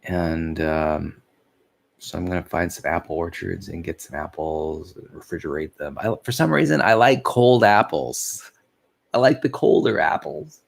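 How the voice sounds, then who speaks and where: A man's voice: sits low, measured pace, gravelly. A tired, sleepy man rambling casually in a vlog, yawning, losing his thread and chuckling at himself. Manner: meandering, loses his thread, laughs softly at himself. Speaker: vlogger.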